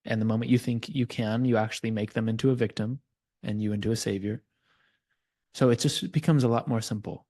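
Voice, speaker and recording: A man's voice: fairly low pitch, steady tone, brisk, warm tone. A man, a coach as a podcast guest, earnestly explaining his ideas in a conversational teaching style and giving examples.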